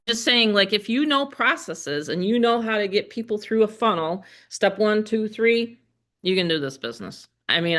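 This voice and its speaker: A woman's voice: medium pitch, fairly bright tone. A woman in her fifties, a business trainer on a casual group video call, chatty and rambling with frequent laughs. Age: 50s. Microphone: headset or desk microphone.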